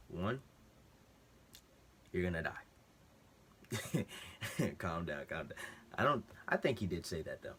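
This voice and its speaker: Deep-voiced young man telling a story. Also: a little hiss or hum. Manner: animated slangy storytelling, acting out quotes. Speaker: vlogger. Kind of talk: casual storytelling.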